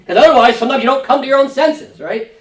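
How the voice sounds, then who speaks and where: A pastor leading a Sunday school Bible study, talking conversationally and often checking in with a quick "right?". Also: male voice, very high-pitched. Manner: conversational, fond of tag question "right?"; animated when paraphrasing scripture figures. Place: church classroom. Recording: roomy church room, mic at a distance.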